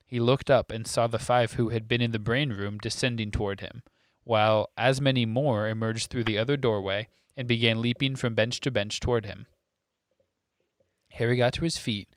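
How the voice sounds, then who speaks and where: A man co-hosting a podcast, reading a novel aloud in a steady, measured storytelling way. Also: mid-range voice, no echo. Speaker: podcast co-host.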